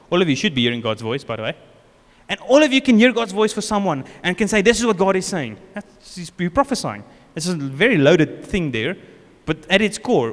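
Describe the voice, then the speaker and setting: Lively South African pastor in echoing church. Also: male voice, high-pitched. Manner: informal, joking, acts out quotes. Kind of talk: conversational sermon. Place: church hall. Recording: long church reverb.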